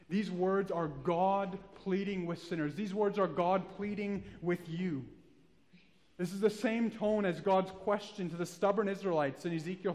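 A man preaching a sermon, earnest and pleading, rising to loud climaxes. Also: high-pitched. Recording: long reverb of a hall.

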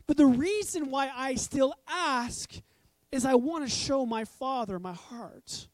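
A woman's voice: sits high, slow pace, darkish tone, no echo. A woman preaching a conversational sermon, telling stories with animation and acting out voices. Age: adult parent.

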